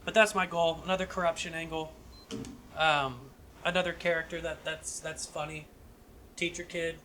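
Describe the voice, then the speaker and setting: Bright-voiced man pitching a script. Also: level tone, normal speed, a little hiss or hum. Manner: rambling, profane, frequent restarts. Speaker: podcast co-host. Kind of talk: casual chat pitching a script.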